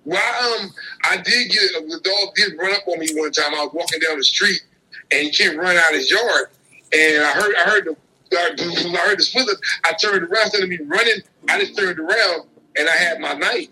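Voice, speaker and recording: A man's voice: sits high, normal speed, bright, forceful tone, slightly rough, poor audio. A man in a casual chat, talking in a blunt, emphatic way and swearing often. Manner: blunt, profane, emphatic talk.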